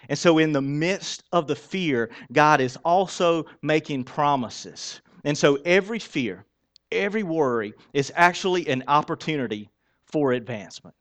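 High-voiced man preaching a sermon. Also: expressive, normal speed. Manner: conversational, asks the congregation rhetorical questions; switches between soft and loud for emphasis. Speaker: pastor.

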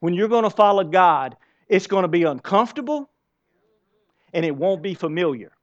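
A pastor in his forties delivers a conversational sermon, posing questions to the congregation and swinging between loud emphasis and hushed asides. His voice is high-pitched and animated at a moderate pace, and the sound is lo-fi.

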